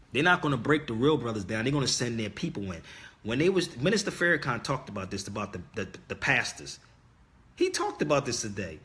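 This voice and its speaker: Mid-range and fairly bright, the voice comes from a middle-aged livestream host preaching casually to his viewers. He speaks emphatically and insistently, repeating key words like someone giving a sermon.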